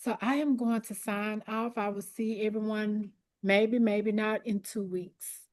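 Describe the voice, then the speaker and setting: A woman coaching a study group for an exam, speaking in a direct, repetitive and encouraging way while her voice grows hoarse and she keeps clearing her throat. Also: medium pitch, fairly even intonation, a little slow, a little mellow. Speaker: academic coach.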